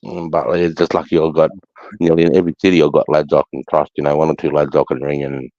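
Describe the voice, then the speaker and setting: A man's voice: extremely low pitch, flat delivery, quick pace, dark tone, no room sound. A middle-aged Australian man telling stories in casual chat, blunt and sweary. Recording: dull lo-fi sound.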